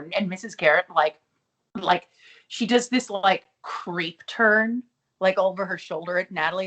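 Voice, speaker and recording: A young woman co-hosting a casual podcast recap, animated and swearing freely as she acts out characters. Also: fairly low pitch, a little slow. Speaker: podcast co-host.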